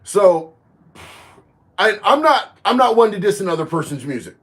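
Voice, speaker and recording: Man, high voice, casual livestream chat, emphatic and animated. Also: normal speed. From Florida. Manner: animated, rises loud and emphatic on opinions. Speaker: livestream host.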